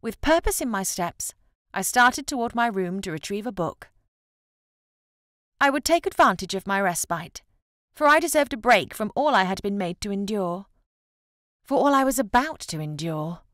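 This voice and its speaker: A woman narrating a novel in the first person, with expressive, measured storytelling. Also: medium pitch, no room sound, studio quality. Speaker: audiobook narrator.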